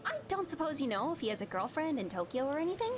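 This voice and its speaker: A woman's voice: high voice, big pitch swings, fast talker, background noise. A woman voicing a nervous, dramatic teenage girl in love, flustered and anxious, with game music under the voice.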